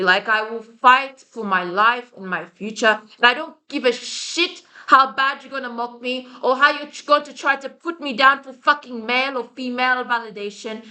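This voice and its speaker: A woman's voice: fairly high pitch, sharp tone. A woman vlogging in a heated, agitated monologue, swearing often and restarting her sentences.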